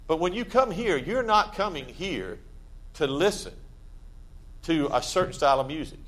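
A man preaching a sermon in a church, conversational and plain-spoken, with sudden loud emphatic bursts. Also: medium pitch. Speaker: pastor.

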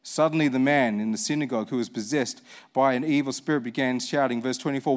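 A man's voice: medium pitch, quick pace, hardly any pauses. A man preaching a sermon, reading scripture and explaining it, emphatic and repeating phrases for effect. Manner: reads scripture aloud.

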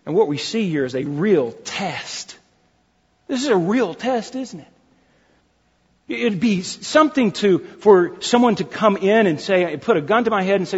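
A man's voice: sits high, expressive, moderate pace, husky. A male pastor preaching a sermon, emphatic and repetitive, calling the congregation folks. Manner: emphatic, repeats key phrases. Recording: dull reverberant hall recording.

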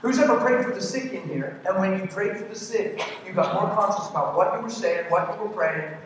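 A man's voice: high-pitched, brisk. A man preaching a sermon with emphatic delivery, putting questions to the congregation and throwing in joking asides. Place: large church hall. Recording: echoey hall from far off.

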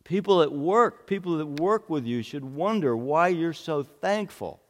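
A man's voice: on the high side, animated, unhurried. A male pastor giving an earnest sermon, often repeating phrases for emphasis. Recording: long hall reverb.

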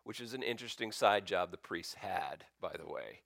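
Man preaching, low voice, storytelling, gets loud then drops to a near-whisper, dry close sound. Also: normal speed, creaky, dry recording. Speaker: pastor. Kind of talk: sermon.

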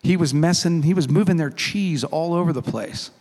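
A man's voice: fairly high pitch, normal speed. A man, a pastor, preaching a sermon in a casual, humorous way, telling stories and acting out the dialogue. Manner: animated storytelling with acted-out dialogue; conversational and humorous. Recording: long reverb of a large hall.

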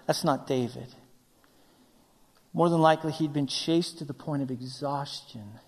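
A middle-aged man preaching a sermon, acting out quoted voices and swinging between loud, urgent passages and hushed near-whispers. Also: fairly high pitch, a little slow, pauses often. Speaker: pastor. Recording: long reverb of a large hall.

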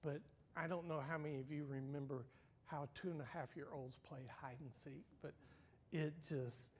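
An older man, a pastor, telling personal stories in a sermon, acting out dialogue and swinging from hushed asides to loud outbursts. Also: a little high, steady tone, moderate pace, slight background noise.

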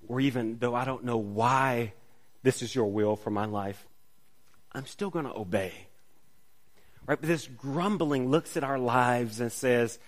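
A man's voice: mid-range voice, measured pace. A man preaching a sermon in a conversational way, often asking "right?" and restarting phrases. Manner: casual, checks in with listeners by asking "right?"; restarts phrases, shifts from soft to emphatic.

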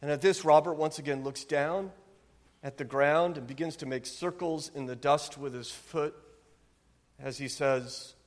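A man's voice: a little high, normal speed, big-room sound. A man preaching a sermon as pastor, with an earnest, emphatic delivery and frequent rhetorical questions.

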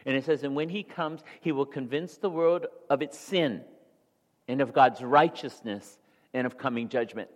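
A male pastor delivering a sermon, ranging from hushed, near-whispered passages to loud, rising exhortation. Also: mid-range voice, normal speed. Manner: shifts from soft, near-whispered confession to loud, rising preaching. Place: church sanctuary. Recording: long hall reverb in a church.

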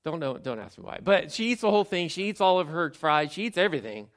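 A man's voice: fairly high pitch, big pitch swings, fast talker, a bit bright. A man giving a sermon as a pastor in a conversational, self-deprecating storytelling way.

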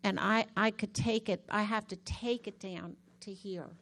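A woman minister sharing a personal testimony in a casual, talkative way. She tells the story with lots of energy and often stops to restart her sentences. Her pitch sits in the ordinary middle range for a woman. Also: measured pace, vocal fry. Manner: chatty, animated storytelling with many restarts. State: recovering from a hand injury.

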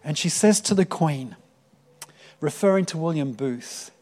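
A man's voice: fairly high pitch, animated, a little slow, a little mellow. A man preaching a sermon to a church congregation, earnest and full of fillers and repeated words. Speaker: pastor.

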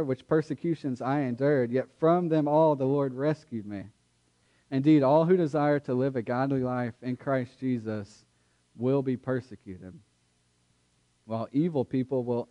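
Male pastor, mid-pitched voice, earnest and emphatic sermon delivery. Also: dark tone, highs cut off. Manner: earnest, emphatic preaching with pauses and restarts. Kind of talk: sermon with scripture reading.

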